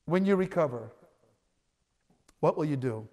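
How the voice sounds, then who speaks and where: A man with a high, light voice preaches a sermon in a reverberant church hall. He speaks in a lively, conversational way, stumbling over restarts and rising to loud cries at the climaxes. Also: unhurried. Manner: stammering restarts, conversational asides. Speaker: pastor.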